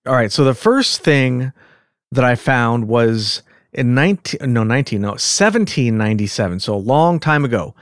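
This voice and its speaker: A man with a Californian accent hosting a podcast in casual chat, rambling and quick to laugh. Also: medium pitch, expressive, no room sound, studio quality. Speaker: podcast host.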